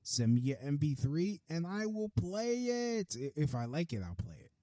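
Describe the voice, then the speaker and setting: Profane ranting man, dark-toned. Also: a little high, sing-song, normal speed, no room sound. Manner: profane, heated, swings from mutters to near-shouting. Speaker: podcast host. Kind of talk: ranting solo podcast monologue.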